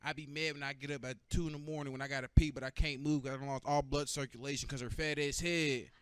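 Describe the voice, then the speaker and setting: A young man doing stand-up comedy, profane and animated, bantering with the audience. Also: medium pitch, quick pace, clear, resonant tone, dry recording.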